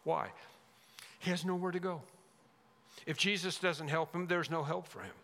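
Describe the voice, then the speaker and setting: A man's voice: a little high, normal speed, creaky. Emphatic male preacher in a hall. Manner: emphatic preaching, swells loud then drops to a hush. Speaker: pastor. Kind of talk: expository sermon. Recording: long reverb of a large hall.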